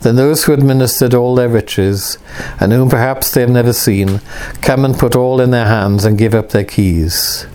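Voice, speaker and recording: A man's voice: medium pitch, normal speed, darkish tone, smooth, lightly acted. A man reading aloud the lines of an earnest, curious human traveller.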